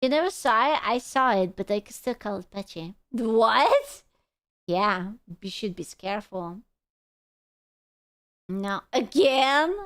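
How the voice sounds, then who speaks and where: Slow, teasing woman. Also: on the high side, animated, fairly bright tone, dry recording. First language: Hungarian. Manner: crude, teasing, swears freely. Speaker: streamer. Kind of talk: casual stream chat.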